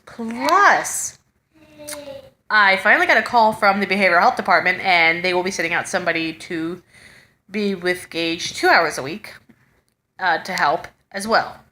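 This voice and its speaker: A woman's voice: lowish voice, moderate pace, bright, forceful tone. A woman in her thirties, a mother chatting casually to camera and telling a story with frequent laughter. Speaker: mother vlogger. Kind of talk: casual chat.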